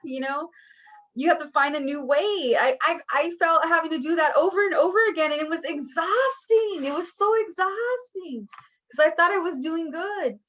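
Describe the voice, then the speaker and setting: A woman teaching a poetry workshop in a chatty, animated way, acting out small quoted outbursts. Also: extremely high pitch, moderate pace, lo-fi sound. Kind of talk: online workshop talk.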